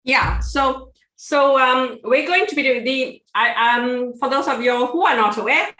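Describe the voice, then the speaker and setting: A woman's voice: sits high, a little slow, bright, forceful tone, echoey room. A woman co-hosting a live cooking show from her kitchen, chatty and laughing often as she explains a recipe. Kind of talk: casual cooking demo chat. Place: home kitchen.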